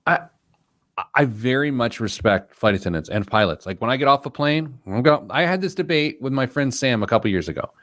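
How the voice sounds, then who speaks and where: A male radio host bantering with his co-host in a loose, self-deprecating way. His voice sits at an ordinary pitch for a man, and the studio sound is close and dry, with hardly any room around it. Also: animated, fairly quick, a bit bright, no echo. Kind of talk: casual chat.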